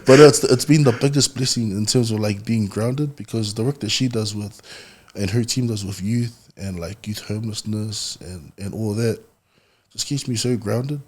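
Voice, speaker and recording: Man, husky, lowish voice, relaxed storyteller, podcast guest. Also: normal speed. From New Zealand. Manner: relaxed, storytelling, laughs often. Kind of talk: casual conversation.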